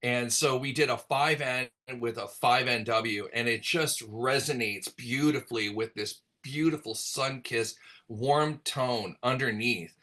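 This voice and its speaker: A middle-aged man, a hair colorist, explaining color formulas in a relaxed, rambling way with many fillers during a virtual class. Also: medium pitch, a little slow, hardly any pauses.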